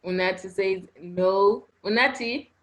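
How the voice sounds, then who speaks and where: A woman's voice: mid-range voice, a little slow, a bit bright, low-quality recording. A woman teaching an online class, patiently repeating points and checking understanding with frequent "okay?" prompts. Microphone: online video class audio.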